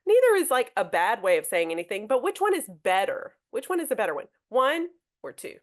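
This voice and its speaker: A young woman teacher hosting a manners podcast, talking casually and brightly with lots of fillers and restarts. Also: on the high side, wildly swooping pitch, brisk. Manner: chatty and upbeat, many fillers and restarts. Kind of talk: casual classroom talk.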